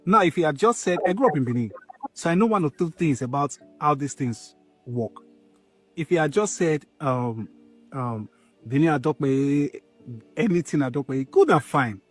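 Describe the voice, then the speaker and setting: Measured man explaining. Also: fairly high pitch, animated, soft background music. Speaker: commentator. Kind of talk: explanatory commentary.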